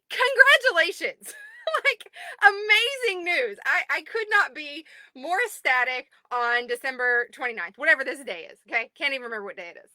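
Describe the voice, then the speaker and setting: A woman in her thirties, the owner of an online group, chatting excitedly on a livestream from home and greeting viewers by name. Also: a little high, no echo. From United States. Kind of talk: casual livestream chat.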